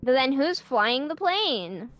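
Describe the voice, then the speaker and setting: A woman's voice: high-pitched, sing-song, slow, fairly bright tone, soft background music. A woman patiently walking a friend through a game step by step in casual chat. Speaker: guest teaching the game.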